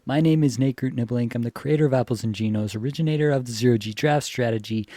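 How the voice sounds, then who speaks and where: A man's voice: medium pitch, fast talker, dark tone, dry recording, clean studio sound. Upbeat man hosting a podcast. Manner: upbeat, laughs easily. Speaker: podcast host. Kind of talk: casual podcast chat.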